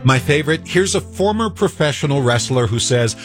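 A man tells a short radio news story, his voice rising and falling in a lively way. He has a wry manner. Music plays clearly behind him. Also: medium pitch, moderate pace, hardly any pauses.

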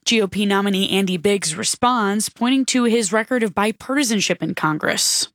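A woman's voice: medium pitch, normal speed, dry recording. Woman radio news anchor, dry sound. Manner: crisp, even newsreader delivery. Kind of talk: radio newscast reading.

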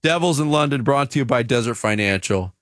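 A man hosting a radio sports show, chatting casually with an animated, chuckling delivery. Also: medium pitch, no echo, clean studio sound. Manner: animated, chuckling, drawn-out reveals.

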